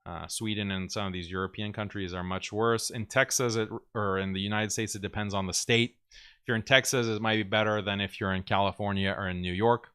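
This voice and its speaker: Reading viewer super chats on his relaxed livestream, this host replies bluntly and opinionatedly, often laughing mid-sentence. He ridicules critics with sarcastic, high-pitched impressions. His delivery is brisk and steady, a bit bright and smooth.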